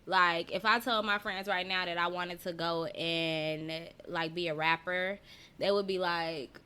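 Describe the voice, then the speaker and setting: A woman with a bright, ringing voice hosts a loose live-stream chat for her podcast. She talks straight to her viewers, reads their comments aloud and laughs often. Her delivery is animated. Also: lowish voice, measured pace, smooth. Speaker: podcast host; teacher. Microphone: personal mic.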